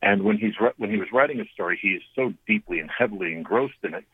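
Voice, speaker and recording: A man in his fifties tells family anecdotes as a radio guest, often restarting his sentences. His voice sits fairly low and sounds husky. It comes through a thin, tinny phone line with a dry sound. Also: quick pace, dry recording. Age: 50s. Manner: lively anecdotal storyteller with frequent restarts. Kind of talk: storytelling on a call-in interview.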